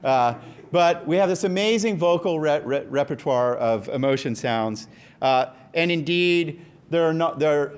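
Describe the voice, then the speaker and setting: A man's voice: mid-range voice, darkish tone, clean tone. A middle-aged man giving an enthusiastic, joking science lecture and quizzing the audience. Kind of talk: lively scientific talk. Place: lecture room.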